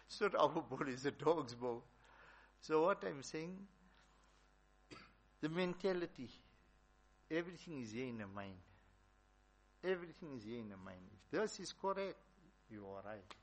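Guy giving a sermon, husky voice, says stuff twice for emphasis, tells stories. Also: fairly high pitch, animated, unhurried, long pauses. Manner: repetitive, emphatic. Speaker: religious teacher. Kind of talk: sermon with storytelling.

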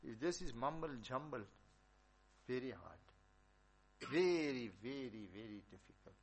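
A man's voice: medium pitch, expressive, measured pace, a little mellow, slightly rough. A man preaching a religious talk, telling stories and repeating his points emphatically. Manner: repetitive, emphatic. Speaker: religious teacher. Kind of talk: sermon with storytelling.

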